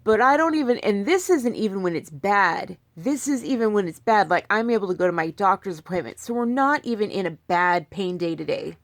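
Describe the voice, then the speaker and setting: A woman's voice: medium pitch, animated, brisk, hardly any pauses, no room sound. Rambling young woman talking through pain. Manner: rambling, many restarts and asides. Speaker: vlogger. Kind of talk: casual talk to camera. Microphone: phone.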